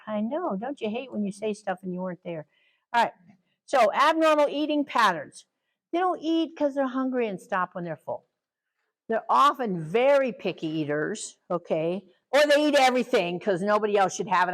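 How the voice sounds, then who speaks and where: A woman's voice: medium pitch, expressive, a little fast, poor audio. An older woman teaching a parenting class in a chatty way, laughing often and acting out what children and parents say. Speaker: parenting trainer. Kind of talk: casual teaching talk.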